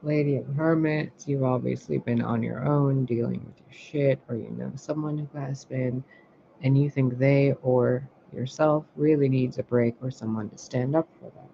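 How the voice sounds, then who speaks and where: A man's voice: medium pitch, steady tone, moderate pace, vocal fry, dark tone. A man reading tarot and oracle cards on a livestream, musing and playful, talking to the cards, with a muffled recording and faint hiss. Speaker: tarot and oracle card reader.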